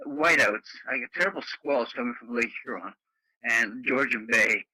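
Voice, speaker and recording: A man's voice: mid-range voice, normal speed, bright, forceful tone, husky, dry recording, low-quality recording. A man in a rambling, folksy casual chat over the radio. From Canada. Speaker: radio net regular.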